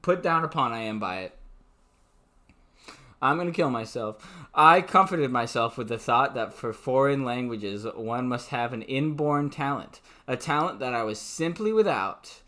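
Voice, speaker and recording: A man's voice: mid-range voice, pushed and bright. A man reading a novel aloud and interrupting with sarcastic, swearing asides. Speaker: amateur reader. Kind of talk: mocking dramatic reading.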